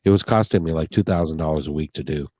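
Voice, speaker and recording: A man's voice: very deep voice, quick pace, dark tone, no room sound, clean studio sound. A man hosting a podcast interview, talking in an earnest, rambling way full of restarts. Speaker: podcast host. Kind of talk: casual interview talk. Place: near Puget Sound.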